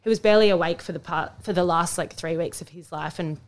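A woman's voice: fairly low pitch, quick pace. A young adult woman with an Australian accent, co-hosting a podcast and talking casually and emotionally, with many restarts and fillers. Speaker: podcast co-host. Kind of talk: casual chat.

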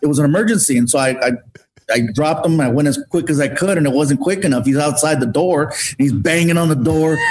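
A man's voice: fairly high pitch, fast, darkish tone, a little hiss or hum, rough recording. A man telling a self-deprecating story in a casual way. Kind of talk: casual anecdote.

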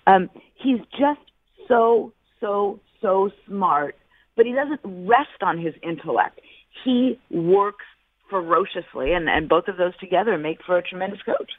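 A middle-aged woman, a football analyst calling in as a radio guest, speaking deliberately and repeating words for emphasis. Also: medium pitch, animated, dry recording. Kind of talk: sports radio phone interview. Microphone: phone. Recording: tinny phone line.

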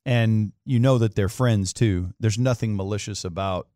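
A man co-hosting a sports talk radio show, breaking down a play with animated retelling. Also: lowish voice, normal speed, no echo, studio quality. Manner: animated storyteller, acts out quotes. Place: radio studio.

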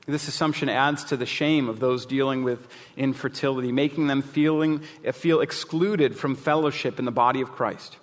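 A man's voice: medium pitch, fairly bright tone, long reverb tail. A male pastor giving a sermon, candid and jokey, with emphatic asides.

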